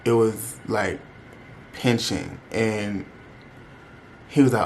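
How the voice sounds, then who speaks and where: A man's voice: fairly low pitch, steady tone, slow pace, gravelly, pauses often, slight background noise. A young man telling a personal story in a casual, candid vlog. He talks to his viewers directly and uses plenty of slang. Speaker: vlogger.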